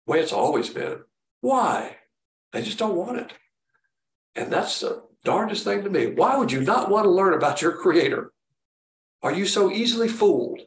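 Brief: male preacher, slightly high voice, plainspoken, heard from a distance in an echoing room. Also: big pitch swings, moderate pace. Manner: plainspoken, rhetorical questions, acts out quotes. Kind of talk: sermon. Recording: roomy echo, distant mic.

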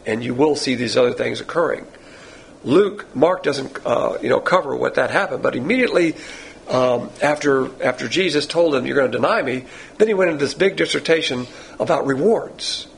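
A man's voice: mid-range voice, gravelly, a little hiss or hum, low-quality recording. A man teaching verse by verse through a Bible passage to a class, in a folksy, digressive and conversational way. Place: Bible class with listeners present.

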